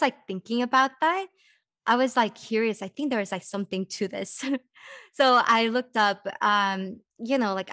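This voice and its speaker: Slow-talking chatty young woman. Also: a little high, a bit bright, no room sound, clean studio sound. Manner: chatty, says "like" often, laughs lightly. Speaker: podcast host. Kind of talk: casual reflective monologue.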